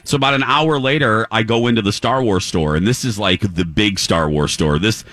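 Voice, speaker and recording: A man's voice: lowish voice, moderate pace, dry recording. A man hosting a morning radio show, telling a long story casually and acting out the voices of the people in it. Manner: animated, acts out voices in anecdotes. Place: live remote broadcast at a clinic.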